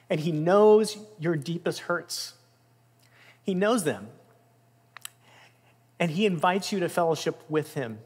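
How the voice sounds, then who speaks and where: A man preaching a sermon in an earnest, emphatic way, rising in intensity and dropping softly. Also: high-pitched. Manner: earnest, emphatic, with swells of intensity and soft drops. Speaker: pastor. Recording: long reverb of a large room.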